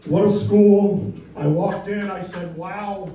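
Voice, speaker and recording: A boastful male wizard headmaster brags in drawn-out, emphatic phrases as a comedian's impression. The voice runs high. It rings from a distance through a noisy, echoing club. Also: fairly even intonation, dark tone. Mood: bragging. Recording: echoey room, distant mic, noisy.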